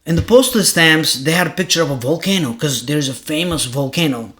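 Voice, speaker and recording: A man telling a history story in casual chat, animated, swearing freely and acting out the quotes. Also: fairly high pitch, fairly quick. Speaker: podcast host telling a story.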